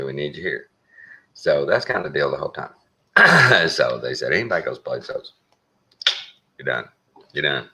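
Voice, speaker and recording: A Texan man talking straight to the listener in a folksy, wry monologue. His voice sits extremely low and grinds with gravel. It still comes through with a bright, forceful edge. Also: muffled recording. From Texas. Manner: folksy, plain-spoken, wry. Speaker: show host. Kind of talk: casual opinion monologue.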